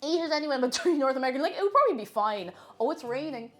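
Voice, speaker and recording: A young woman with an Irish accent talks her way through a live cooking stream, bouncing up and down in pitch. She is chatty and playful, pokes fun at herself and breaks into laughter often. Soft music plays faintly underneath. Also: very animated, very fast. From Ireland.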